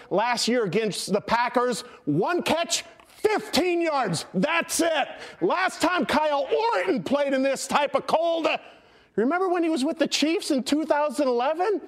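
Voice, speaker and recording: A man doing a brash, squeaky TV weatherman. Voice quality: high put-on voice, loud and theatrical. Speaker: weather reporter segment. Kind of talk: comic over-the-top weather report.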